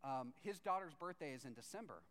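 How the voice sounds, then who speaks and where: A man telling a funny personal story to a church audience, animated and self-deprecating, with sudden excited outbursts. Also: medium pitch, brisk. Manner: animated, self-deprecating, jumps into excited shouts when acting out his own reactions. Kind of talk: comic storytelling.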